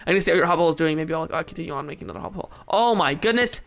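A young man hosting a casual gameplay video, talking quickly and excitably and mocking his own building skills. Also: a little high, gravelly, slight background noise. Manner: rapid, excitable, self-mocking. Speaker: gaming video host.

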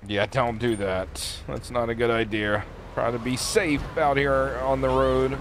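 Over some background noise, a man with a mid-range voice chats casually and profanely with viewers while streaming a game speedrun. His intonation stays fairly even and his pace is a little slow as he thanks people from chat.

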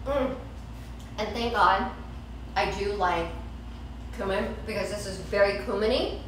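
A woman's voice: medium pitch, a little slow, very echoey, distant mic, slight background noise, low-quality recording. A woman hosting a casual home cooking show, chatting and snacking in her kitchen as she preps food. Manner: chatty, eats while talking, laughs easily.

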